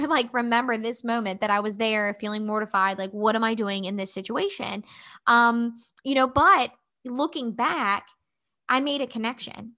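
A chatty woman in her thirties hosts her own podcast and tells a story off the cuff. Her voice sits a little high and rings bright and forceful. She fills her talk with "like" and "you know" and keeps it animated. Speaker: podcast host. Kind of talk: casual storytelling monologue.

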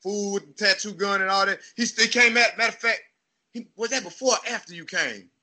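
A man with a Texas accent tells stories in a loose, profane, animated way, acting out the voices of others. His voice sits high and rings very bright and forward. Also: a little fast. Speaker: podcast host. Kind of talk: casual storytelling chat.

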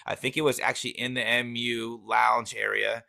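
A man's voice: medium pitch, flat delivery, normal speed, creaky, pushed and bright. A man co-hosting a casual sports podcast, reading facts aloud with jokey asides and laughs. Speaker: podcast co-host.

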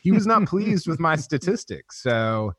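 A man's voice: a little high, big pitch swings, unhurried, fairly bright tone, breathy edge, dry recording, studio quality. A man who writes about golf, chatting on a podcast and telling stories in a wry, self-amused way. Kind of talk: casual podcast chat.

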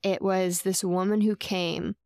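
A woman's voice: mid-range voice, steady tone, unhurried, a little mellow, clean tone, no echo, studio quality. A woman sharing a heartfelt personal faith story on a podcast, earnest and chatty, with lots of casual fillers. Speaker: podcast co-host.

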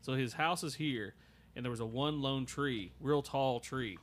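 A man hosting a podcast, telling a story in a casual, halting way with many fillers and restarts. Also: mid-range voice. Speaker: podcast host.

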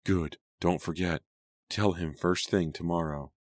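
A man doing a soft-spoken worried teen girl. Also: fairly even intonation, unhurried, dry recording, studio quality. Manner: soft and low, scolding. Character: worried, dry-witted teenage girl, best friend.

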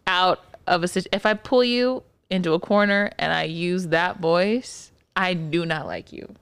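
A woman's voice: fairly low pitch, measured pace, clean tone, no room sound. Sarcastic young woman, dry close sound. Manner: sarcastic, teasing, swears freely. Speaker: podcast co-host. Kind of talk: casual chat.

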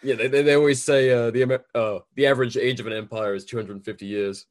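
A man in a loose, joking conversation, full of sardonic jabs. He trips over his words and repeats himself as he goes. His voice sits at a middle pitch for a man. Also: fairly even intonation, quick pace. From Britain. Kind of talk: casual chat.

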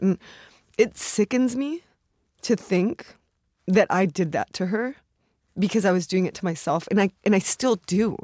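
A woman's voice: mid-range voice, animated, normal speed, a little mellow, no echo. A woman actress speaking earnestly and emotionally in a studio interview, near tears at times. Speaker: actress, guest. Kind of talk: heartfelt interview talk.

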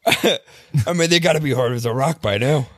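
A man's voice: mid-range voice, no echo, clean studio sound. Joking man at a tabletop game. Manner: laughing, joking, halting restarts. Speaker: player. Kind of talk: casual tabletop game chat.

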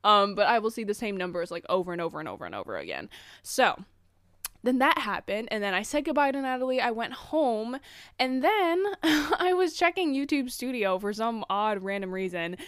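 Chatty young woman, smooth and close. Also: on the high side, normal speed, no room sound. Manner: chatty, animated, full of "like" and quoted dialogue. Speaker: vlogger. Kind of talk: casual storytime chat.

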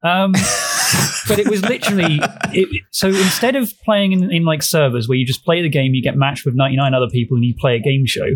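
A man talks through ideas in a casual podcast chat. His voice is husky and sits slightly high. He fills his explanations with ums and clears his throat. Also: fairly even intonation, fairly quick.

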